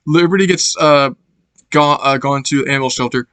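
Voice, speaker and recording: A man's voice: medium pitch, a little fast, sharp tone, clear, resonant tone, no echo. A man casually reviewing a movie for his channel, rambling and searching for words as he laughs along.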